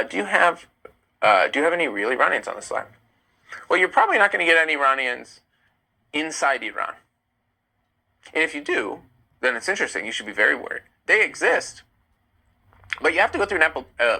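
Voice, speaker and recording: A man's voice: medium pitch, low-quality recording. A young man hosting a casual live stream, animatedly reading and answering viewer comments. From United States. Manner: animated, argumentative, reads comments aloud. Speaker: livestream host.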